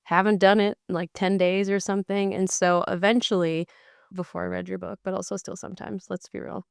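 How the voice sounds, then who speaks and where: Woman cohost, chatty and self-mocking, bit of fry, dry close mic. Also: medium pitch, flat delivery, a little fast, dry recording. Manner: candid, self-deprecating, laughs often. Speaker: podcast co-host. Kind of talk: casual podcast chat.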